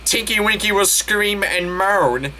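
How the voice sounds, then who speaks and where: A man voicing a male wizard professor who speaks calmly, softly and low, drawing out his words. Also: a little slow, slight background noise. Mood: sultry. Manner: calm, soft, low and drawn out.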